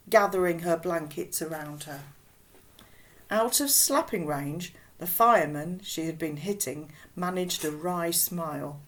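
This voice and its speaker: A woman reading a children's novel aloud with expressive, unhurried storybook narration. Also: fairly low pitch. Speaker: audiobook reader.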